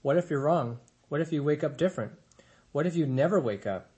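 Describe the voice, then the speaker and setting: A man's voice: on the high side, lively intonation, brisk, mellow, natural voice. A man voicing a young male gosling in a storybook reading, anxious and curious with a worried, eager manner.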